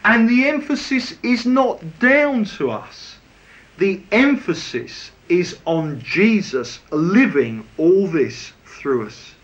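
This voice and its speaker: Lively, slow-paced male preacher. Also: high voice. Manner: lively, conversational preaching with humor. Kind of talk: sermon. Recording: dull lo-fi recording.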